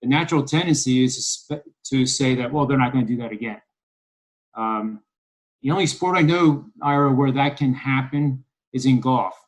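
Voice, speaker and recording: A man's voice: medium pitch, moderate pace, rough recording. Rambling, wry man in a betting podcast. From Philadelphia. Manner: rambling, wry, many ums and uhs. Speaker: sports betting analyst. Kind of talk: casual podcast discussion.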